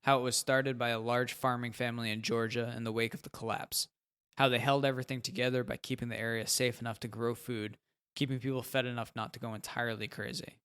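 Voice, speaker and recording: A man's voice: medium pitch, level tone, quick pace, a bit bright, smooth. A man reading a first-person fiction story aloud in a plain, conversational way. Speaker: narrator. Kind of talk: first-person audiobook narration.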